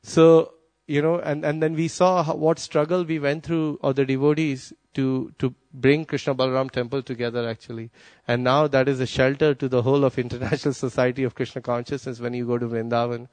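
A man giving a devotional class at a temple, talking quickly with restarts and soft asides, then taking questions. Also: mid-range voice, flat delivery, no room sound. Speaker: class speaker at a temple gathering.

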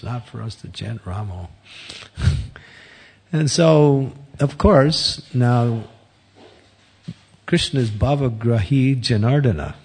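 A man's voice: mid-range voice, creaky, a little mellow, slightly rough. A man giving an informal spiritual talk as a devotional teacher, telling stories in a rambling way with frequent chuckles. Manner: chuckles often, rambling storytelling. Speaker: Hare Krishna teacher.

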